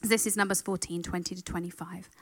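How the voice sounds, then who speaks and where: A woman preaching a sermon, telling a story with emotion and animated delivery. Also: lowish voice, a little fast, no echo.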